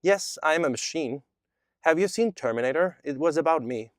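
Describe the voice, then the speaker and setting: A man reading aloud the lines of a chatbot that poses as a Jewish boy from Odessa, in a flat, evenly read delivery. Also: fairly high pitch, moderate pace, dry recording, studio quality, voice pushed up, natural voice. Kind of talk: reading a chat transcript aloud.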